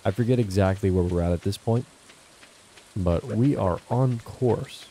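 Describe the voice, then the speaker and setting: A man's voice: on the low side, measured pace, dark tone, slight background noise. A young man talking casually to his viewers while playing a farming game at home. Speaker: gaming channel host. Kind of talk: casual gameplay commentary. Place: home, indoors.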